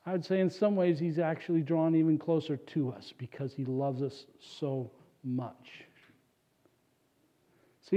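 A man preaching a sermon as a pastor, animated and conversational, with casual asides to the congregation. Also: fairly high pitch. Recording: dull lo-fi recording.

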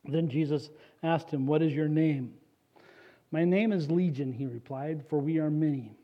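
A man preaching a sermon as a pastor, animated and conversational, with casual asides to the congregation. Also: fairly high pitch, normal speed. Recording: dull lo-fi recording.

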